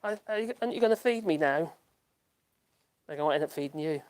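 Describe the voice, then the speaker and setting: Streaming live from his rural French home, a UK-born YouTuber reads out incoming viewer comments and rambles in a self-mocking way. He often laughs at himself and breaks off to restart sentences. He talks fast, with a fairly high, slightly mellow voice and lively intonation.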